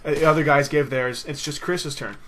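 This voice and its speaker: A man's voice: fairly high pitch, fairly even intonation, fairly quick, fairly bright tone. A young man with a slightly raised voice rambles through a story while he plays a game. His telling is loose and casual, full of swearing, with laughs at his own tale. A faint hiss sits under the voice. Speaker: gaming video host. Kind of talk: casual storytelling over gameplay commentary.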